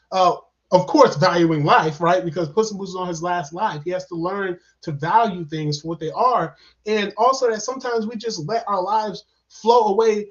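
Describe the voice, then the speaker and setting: A man giving a casual, rambling movie review, excitable and full of fillers and repeated words. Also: high-pitched. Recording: dull lo-fi sound.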